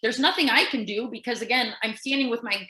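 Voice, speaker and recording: The podcast co-host, a nurse, tells her story a little fast in a fairly high voice, playing out everyone's quoted lines with animated flair while keeping things casual. It's a low-quality recording with noticeable reverb.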